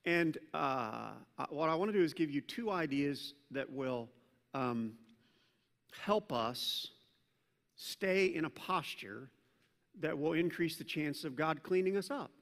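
A man preaching a sermon as pastor, animated in his storytelling, acting out scripture voices, and dropping self-deprecating asides. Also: fairly high pitch, slow pace, creaky, in a large hall.

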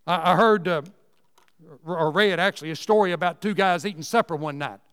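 A man's voice: high voice, fairly quick, fairly bright tone, clear, resonant tone, big-room sound. A man preaching a sermon in a church, folksy and emphatic, repeating key phrases for emphasis.

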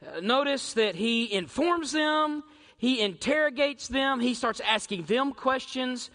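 A man preaching a sermon in a high, bright voice that rings through a church hall with a long reverb. He leans hard on rhetorical questions to the congregation and swings from shouts down to hushed near-whispers. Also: expressive, measured pace. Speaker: pastor. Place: church sanctuary.

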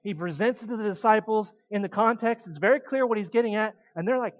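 A man preaching a sermon in an animated way, shifting between quiet explanation and emphatic points. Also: high voice, fast talker, muffled recording.

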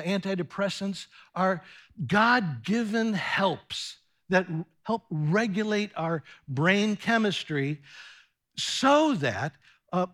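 A man preaching a sermon in a high, bright voice. He speaks slowly and earnestly and leans on each phrase, with the odd filler and restart. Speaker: pastor.

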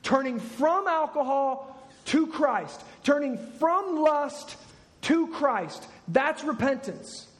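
A man with a very high voice preaches to his congregation. He drives each point home and repeats key words to press them in. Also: expressive, slow pace. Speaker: pastor. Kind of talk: sermon.

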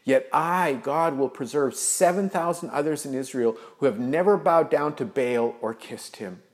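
A man giving voice to a calm, patient divine figure, speaking steadily in his own voice. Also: mid-range voice, normal speed, close to an everyday voice.

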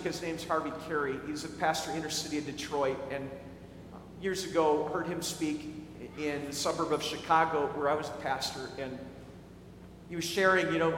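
A man's voice: a little high, a bit bright, a little hiss or hum. A man preaching a sermon as a pastor, earnest and often repeating words as he starts a thought. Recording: echoey hall with faint ambience.

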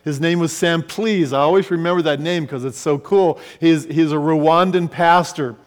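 A man preaching a sermon, telling stories and swinging between loud passages and hushed ones. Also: fairly high pitch, moderate pace. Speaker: pastor. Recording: long reverb of a large hall.

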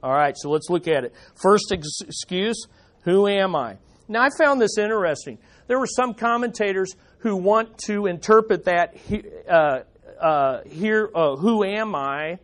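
A man preaching a sermon at a church service, animated, putting rhetorical questions to the congregation. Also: sits high, a little slow. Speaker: pastor.

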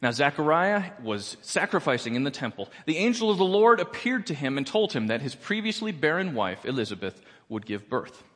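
A man's voice: on the high side, sing-song, fairly quick, hardly any pauses, fairly bright tone, in a large hall. A man performing a stand-up comedy set in a church, with a wry, playful delivery. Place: church auditorium.

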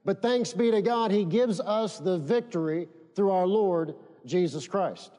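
A man's voice: high-pitched, measured pace, dark tone, long reverb tail. A man preaching a sermon, leading the congregation to repeat phrases after him. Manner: emphatic, leads congregation in call-and-response. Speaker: pastor.

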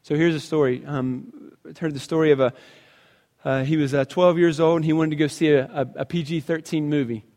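Earnest man preaching, slightly high voice. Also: steady tone, brisk, darkish tone, in a large hall. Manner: earnest storytelling, acts out quoted voices. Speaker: pastor. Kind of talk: sermon to a men's gathering.

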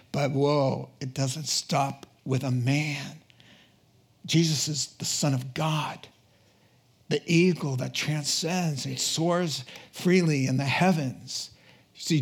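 A man preaching a sermon, animated and emphatic, repeating key phrases for effect. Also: fairly high pitch, slightly rough.

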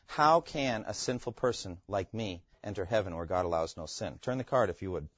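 A man's voice: low voice, lively intonation, fairly quick, dry recording, lo-fi sound. A man teaching a Bible class, quizzing his students and repeating key phrases.

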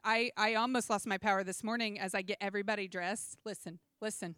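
A young adult woman preaching a sermon in a chatty, animated way, full of personal asides and humor. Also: on the high side, fast talker, hardly any pauses, no room sound, clean studio sound. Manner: conversational and animated, with asides and self-deprecating humor.

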